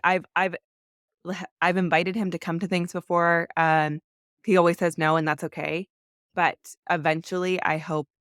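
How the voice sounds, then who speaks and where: A woman's voice: fairly low pitch, smooth, dry recording, studio quality. A woman speaking as a podcast guest, talking earnestly and emotionally about parenting, with lots of "like" fillers. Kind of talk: candid conversational interview.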